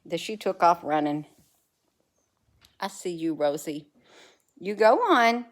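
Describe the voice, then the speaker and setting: Slow, unhurried middle-aged woman, casual vlog chat, rambling and cooing at her cat. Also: on the low side, expressive, no room sound. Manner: rambling, coos at her pet cat between remarks. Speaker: vlogger.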